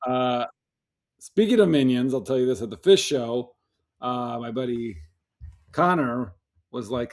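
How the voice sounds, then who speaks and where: Male podcast co-host, animated storyteller, lively intonation, slightly high voice. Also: measured pace. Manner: animated storyteller, laughs easily. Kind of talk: casual chat.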